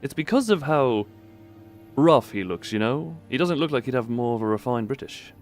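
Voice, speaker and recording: Animated joking man streaming a game. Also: medium pitch, moderate pace, faint music behind. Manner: jokey and animated, trying out voices. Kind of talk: live game stream commentary and reading subtitles aloud.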